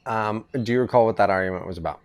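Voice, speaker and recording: A man's voice: on the low side, very fast, clean tone. A middle-aged man hosting a podcast on an outdoor veranda, chatting casually with his son and rambling through stories. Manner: rambling, easygoing storytelling with restarts. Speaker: podcast host. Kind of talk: casual father-son chat.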